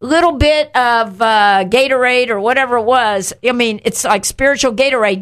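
A middle-aged woman co-hosting a Christian talk show, telling a story with lively asides and laughter. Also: on the high side, normal speed, clear, resonant tone. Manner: animated storyteller, acts out voices, laughs often. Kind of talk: casual faith talk, storytelling.

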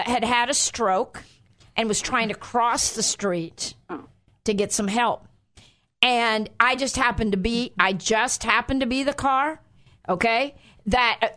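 Woman pastor radio host, animated storyteller, slightly high voice. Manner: lively storyteller, acts out voices. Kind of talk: call-in christian radio talk.

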